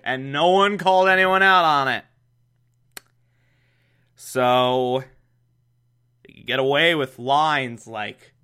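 A man's voice: medium pitch, slow pace, long pauses, sharp tone, clear, resonant tone. A man giving a sarcastic, exasperated recap of an old TV episode, mocking it and laughing at it. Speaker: show recapper.

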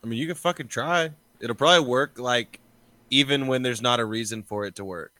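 Man, casual chat, wry laid-back remarks, bright edge, dry sound. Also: medium pitch, a little fast, dry recording.

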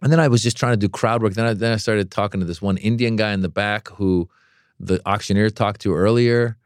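Animated man telling a story, low voice. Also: brisk, dry recording, clean studio sound. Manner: animated storyteller, acts out voices with big pitch jumps. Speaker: comedian guest. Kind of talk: casual storytelling interview.

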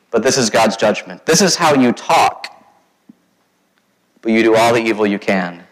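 In a fairly low, expressive voice at normal speed, a pastor delivers a conversational sermon marked by long pauses. He frequently questions the congregation and performs quoted voices, all heard through long hall reverb.

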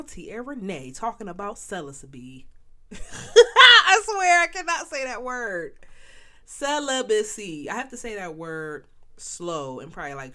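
A young woman with a nasal voice hosting a casual solo podcast, candid and animated, talking straight to her listeners with playful asides and the odd sniffle. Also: fairly low pitch. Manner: sniffles between phrases. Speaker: podcast host.

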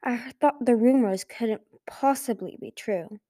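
A woman voicing a massive, scarred, vicious female dragon who hisses her lines slowly and with menace, in an amateur audiobook reading. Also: a little high, warm tone. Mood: menacing. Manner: hissing, slow and menacing.

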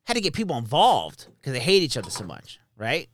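A man's voice: medium pitch, brisk. A man casually telling stories from his time as an army captain, swearing freely and quoting the people involved. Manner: profane, animated, quotes people in his stories. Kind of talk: casual storytelling chat.

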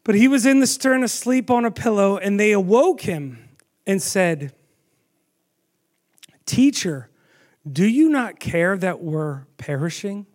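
A man preaching a sermon, telling the story with animated storytelling and asking the audience questions. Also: high-pitched, slow pace, long pauses.

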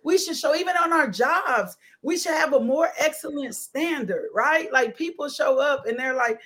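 A woman hosting a faith podcast, her voice sitting a little high. She speaks in an emphatic, preachy way and repeats key phrases for effect. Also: lively intonation, moderate pace, few pauses, a bit bright. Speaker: host and ministry leader. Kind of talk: casual faith podcast conversation.

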